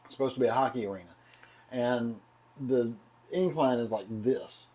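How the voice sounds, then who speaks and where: A man's voice: medium pitch, normal speed, warm tone, breathy edge. Chatty Southern man telling stories. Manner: rambling storyteller, laughs often. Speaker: podcast co-host. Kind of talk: casual chat.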